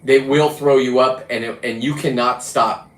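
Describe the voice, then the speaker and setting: A man's voice: medium pitch, fairly even intonation, moderate pace. Blunt, cursing man in a roomy space. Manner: blunt and profane, with frequent restarts. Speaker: diver and fishing vlogger. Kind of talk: casual rambling monologue. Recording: roomy echo.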